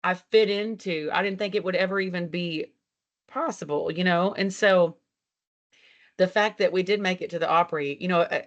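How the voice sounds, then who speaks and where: A woman's voice: lowish voice, normal speed, lo-fi sound. A woman country singer from Texas, telling stories casually in an interview and acting out conversations, talking over a video call while she walks around her house. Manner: chatty, laughing, swears, acts out dialogue. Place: at home, walking around the house. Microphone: video call from a laptop.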